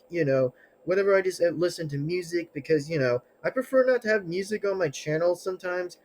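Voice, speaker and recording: A man with a high-pitched voice rants casually to his viewers. He sounds agitated and defensive, and his sentences ramble and loop back with fillers and restarts. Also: mellow, low-quality recording. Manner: rambling, restarts, many fillers and tangled phrasing. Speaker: channel owner. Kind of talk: casual vlog rant to camera.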